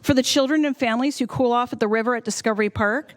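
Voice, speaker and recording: A woman's voice: on the high side, quick pace. A woman firmly reading a prepared public comment at a county board meeting. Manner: firm, reads a prepared statement.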